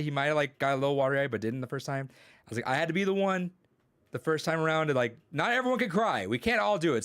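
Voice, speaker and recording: A man's voice: mid-range voice, fairly bright tone, no room sound. A young man chatting casually on a podcast, telling rambling stories full of swearing and quoted dialogue. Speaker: podcast co-host and teacher. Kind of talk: casual chat.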